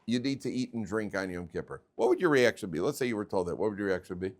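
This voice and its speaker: A rabbi with a lowish male voice lectures a class, questioning his students and jumping into stories. He acts out the people in his tales and trips over repeated words as he talks. The delivery is loose and conversational, recorded in a classroom. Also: animated, fast.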